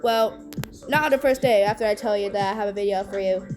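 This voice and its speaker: A teenage girl chatting in a casual vlog and reacting loudly while she plays a game, excitable and teasing. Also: mid-range voice. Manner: excitable, teasing, quick to shout. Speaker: vlogger. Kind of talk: casual vlog chat and gaming commentary. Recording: loud music under the voice. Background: loud music.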